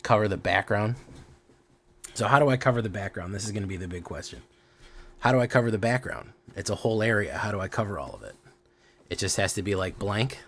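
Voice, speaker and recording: Chatty male streamer, lowish voice. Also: lively intonation, quick pace, a little hiss or hum. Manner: loose and chatty, greets viewers by name, mutters at his camera. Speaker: streamer host. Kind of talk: casual live-stream chat with viewers.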